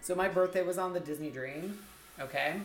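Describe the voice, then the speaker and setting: A man's voice: high-pitched, moderate pace, faint music behind. A man co-hosting a podcast in chatty, emphatic casual conversation, with the occasional curse. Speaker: podcast co-host. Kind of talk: casual chat. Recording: roomy echo.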